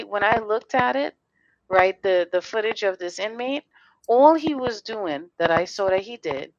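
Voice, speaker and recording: A woman hosting a podcast in a fiery, blunt way, swearing freely and firing off rhetorical questions. Her voice sits at a middle pitch. The sound is dry and a little muffled. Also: no echo. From Connecticut. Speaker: podcast host. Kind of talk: heated casual podcast talk.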